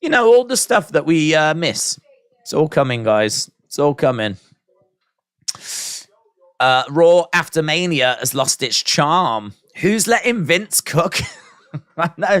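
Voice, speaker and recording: A man's voice: fairly high pitch, sing-song, slow, long pauses, fairly bright tone, dry recording, clean studio sound. A man casually commenting on a live show for his viewers, joking and sarcastic, reading out chat messages. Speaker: wrestling watch-along streamer. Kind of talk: live-stream reaction commentary.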